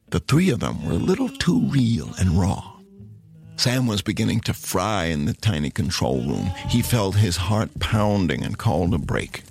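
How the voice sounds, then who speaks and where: A man narrating a story in an expressive, dramatic way. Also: on the low side.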